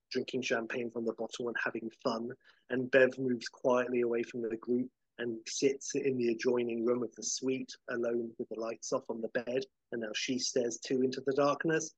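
Podcast host, husky, dry close mic, rambling comic pitch narration. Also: male voice, no room sound, rough recording. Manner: casual and rambling, full of "like" and "uh".

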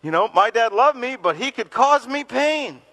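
A middle-aged man preaching to his congregation in a high, bright voice. He tells stories with animated laughter and puts on the voices of the people in them. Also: normal speed, low-quality recording. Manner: animated storytelling with laughter and acted-out quotes. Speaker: pastor. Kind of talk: sermon. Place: church gathering in a community center.

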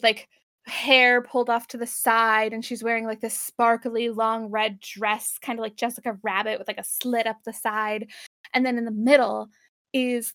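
A woman's voice: fairly high pitch, fairly bright tone, dry recording, clean studio sound. A young woman co-hosting a casual podcast, animatedly recapping an episode and laughing often. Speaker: podcast co-host.

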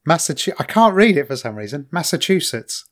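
A man's voice: on the high side, very animated, quick pace, fairly bright tone. A man co-hosting a podcast in casual chat, chatty and stumbling over words, laughing often. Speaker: podcast co-host.

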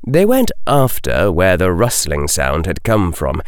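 A man narrating a fan fiction audiobook in a measured, expressive reading. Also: sits low, clean tone, no room sound.

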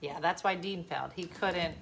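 A woman's voice: fairly low pitch, moderate pace, creaky, a crowd in the background. A middle-aged woman hosting a casual live chat, chatty, reading comments aloud with frequent mm-hmms. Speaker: host, mother.

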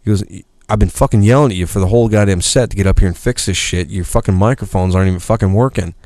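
A man's voice: lowish voice, fast talker, a little mellow, dry recording, clean studio sound. A man who plays in a band, telling rambling, profanity-filled stories in a casual chat. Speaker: musician guest.

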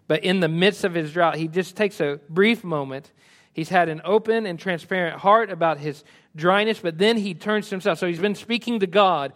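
A male pastor preaching a sermon, rising to emphatic lines and dropping to soft, quiet asides. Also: high-pitched, moderate pace.

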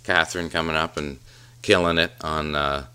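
Man, very deep voice, bright tone, podcast co-host, stammering restarts. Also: steady tone, smooth. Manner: agreeable, quick backchannels, stammering restarts. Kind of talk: casual chat.

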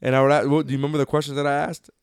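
A man's voice: a little high, flat delivery, racing, smooth, dry recording, studio quality. A man in his thirties co-hosting a casual chat with his wife, joking and teasing as he retells a story. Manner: joking, swears freely, teasing. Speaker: podcast co-host.

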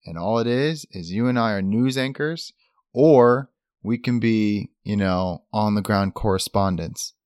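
A man's voice: on the low side, a little slow, darkish tone, no room sound, clean studio sound. A man co-hosting a podcast, talking in an upbeat, rambling way with lots of fillers. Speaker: podcast co-host. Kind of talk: casual chat.

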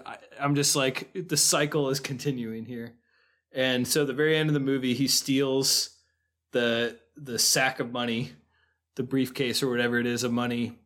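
A man in mid pitch talks casually through a movie on a podcast. He thinks aloud as he goes, with restarts and loose fillers. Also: steady tone, moderate pace, fairly bright tone. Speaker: podcast co-host. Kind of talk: casual film discussion.

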